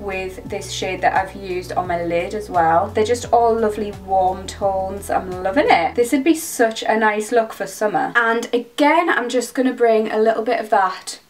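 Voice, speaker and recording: Young female beauty vlogger, bright gushing chat, mic set back from her. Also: mid-range voice, moderate pace, few pauses. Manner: gushing, enthusiastic product commentary. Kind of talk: casual makeup tutorial chat. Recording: mic at a distance, faint background music.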